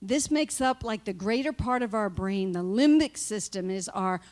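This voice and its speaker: A woman's voice: medium pitch, animated, normal speed, a little mellow. A woman minister giving a conversational spiritual talk to a live group, often asking her listeners "right?".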